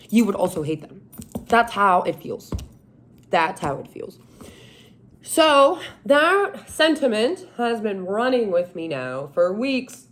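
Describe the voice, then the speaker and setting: A woman venting in a casual, animated monologue, exasperated and self-mocking. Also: mid-range voice. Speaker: vlogger.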